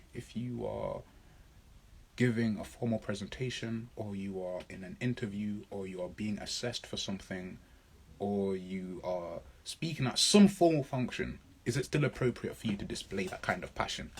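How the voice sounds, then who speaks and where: A man's voice: lowish voice, lively intonation, moderate pace, husky. A man coaching public speaking in a live question-and-answer lesson, talking emphatically, repeating his points and answering viewers' comments.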